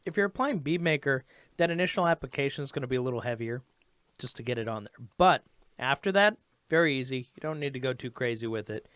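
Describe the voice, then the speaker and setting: Man, livestream co-host, lively pitch swings, easygoing, dry sound. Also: quick pace, dry recording. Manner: animated, easygoing, laughs often. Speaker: co-host answering viewer questions. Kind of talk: casual livestream Q&A chat.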